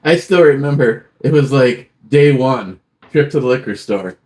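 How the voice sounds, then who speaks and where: Male co-host, relaxed story recounting, average pitch. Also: normal speed. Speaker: co-host of a beer review show. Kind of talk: casual banter, storytelling.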